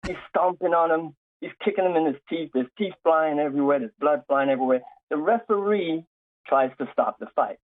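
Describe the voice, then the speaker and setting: A man calling in to a radio talk show, animated as he builds a long analogy. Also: fairly high pitch, fairly quick. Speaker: caller. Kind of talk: call-in radio chat. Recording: tinny phone line.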